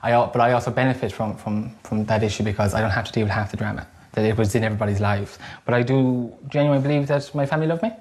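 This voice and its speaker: A man's voice: medium pitch, rapid-fire, few pauses, a little mellow. An Irish man and community board member, speaking earnestly and reflectively in a documentary interview.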